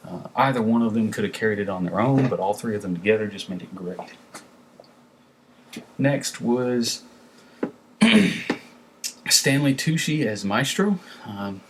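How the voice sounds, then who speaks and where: A man with a fairly low voice reviews a film in a loose, casual way. He stumbles over restarts and fills the gaps with ums and you-knows. A faint background noise sits under the recording. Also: expressive, unhurried, pauses often, rough recording. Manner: rambling, with many fillers and restarts.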